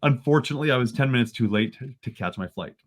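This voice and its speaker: A man from Canada, a podcast guest, telling a story in an animated way that rises into excited bursts. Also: mid-range voice, fast talker.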